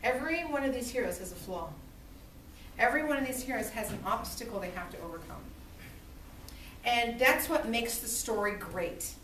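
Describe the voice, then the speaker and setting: A woman teaching a literature class, lecturing in a lively storytelling manner and acting out quotes. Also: fairly high pitch, a little hiss or hum. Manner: animated storytelling with acted-out quotes. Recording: echoey classroom from far off.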